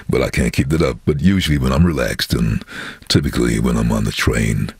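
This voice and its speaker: Booming deep-voiced middle-aged man. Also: fairly quick, breathy edge, dry recording. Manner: animated, chuckling storyteller. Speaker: voice-over artist, interviewee. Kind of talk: casual storytelling in an interview.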